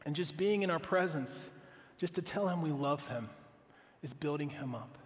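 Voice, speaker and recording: A man's voice: fairly high pitch, moderate pace, big-room sound. A man in his thirties, a pastor preaching a sermon in an earnest, conversational way, often asking the congregation questions.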